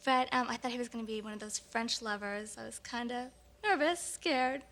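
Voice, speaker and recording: A woman's voice: fairly high pitch, brisk, a bit bright. A young woman on a dating show, speaking a little shyly and hesitantly. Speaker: contestant.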